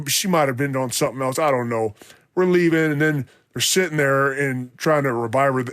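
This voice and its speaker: A man's voice: mid-range voice, no echo, clean studio sound. A man hosting a podcast, telling a rambling, profane story in blunt casual talk. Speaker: podcast host.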